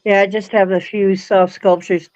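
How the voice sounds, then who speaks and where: A woman from the United States chatting casually about her crafts in a relaxed, matter-of-fact way. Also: mid-range voice, moderate pace, no echo, muffled recording. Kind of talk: casual chat.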